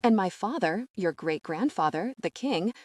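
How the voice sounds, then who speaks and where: A woman voicing a gentle, humble elderly fairy godmother whose voice shakes as she talks apologetically. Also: mid-range voice, lively intonation, moderate pace, no room sound, clean studio sound, close to an everyday voice. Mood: tearful. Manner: soft, apologetic, with a shaky voice.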